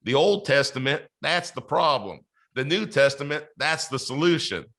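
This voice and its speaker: A man's voice: on the high side, animated, normal speed, a bit bright, voice pushed up. A man voicing a wise older Southern mentor in a Southern US accent, drawling as he passes on advice. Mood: folksy, sage.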